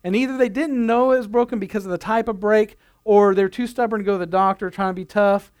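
A man with a notably high voice delivering a sermon. He speaks earnestly, leaning on repeated phrases to drive his points home. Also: steady tone, fast talker, clean tone. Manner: earnest, building emphasis, repeats phrases for effect. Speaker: pastor.

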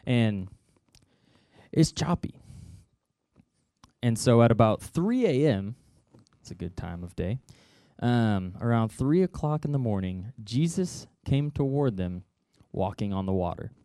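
A man's voice: medium pitch, big pitch swings, a little slow, long pauses, mellow, dry recording, studio quality. A man telling a Bible story to kids in a playful, joking way, adding sound effects and asides.

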